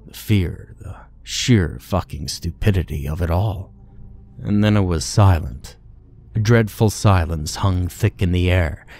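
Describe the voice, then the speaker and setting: A man narrating a war horror story in a grim, measured, scripted way. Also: deep voice, a little mellow.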